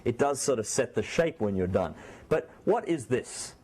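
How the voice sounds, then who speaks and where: A man's voice: mid-range voice, animated, normal speed, darkish tone, slightly rough. A man giving a university math lecture in a classroom, his voice a little sore, talking in a loose conversational way with frequent restarts. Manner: conversational, restarts and self-corrections. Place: lecture hall.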